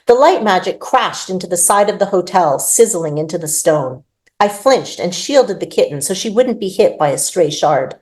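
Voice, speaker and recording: A woman author reading her own urban fantasy novel aloud, in expressive first-person narration. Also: fairly low pitch, moderate pace.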